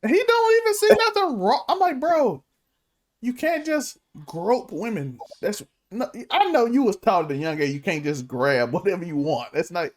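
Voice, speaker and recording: Expressive podcast co-host, lively pitch. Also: brisk, few pauses, a little hiss or hum. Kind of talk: casual chat.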